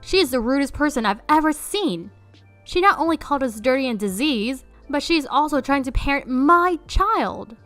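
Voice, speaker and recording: A woman voicing an indignant entitled mother who talks in a shrill, demanding, outraged way. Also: animated, normal speed, fairly bright tone, no echo, faint music behind. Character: indignant entitled mother, middle-aged, loud.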